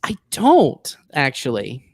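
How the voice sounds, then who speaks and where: Easygoing comedian guy guesting on a podcast, middle pitch. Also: huge pitch swings, slow, a little mellow. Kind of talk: casual chat.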